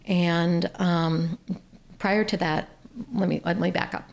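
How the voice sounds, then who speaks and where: A woman from Ohio, a nonprofit CEO, telling stories as a guest on a podcast interview in an earnest, animated way. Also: on the low side, slow pace, gravelly.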